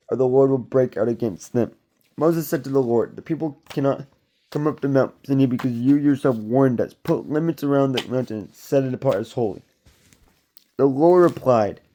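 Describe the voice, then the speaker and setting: A man reading a Bible chapter aloud in a steady, measured way. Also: medium pitch. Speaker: Bible reader. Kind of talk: scripture reading.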